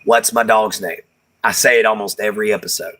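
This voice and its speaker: A man's voice: fairly low pitch, steady tone, fairly quick, a bit bright. A man with a Texan accent hosting a livestream, chatting casually with viewers, laughing often and using Southern slang. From Texas. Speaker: livestream host. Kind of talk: casual chat reading viewer comments.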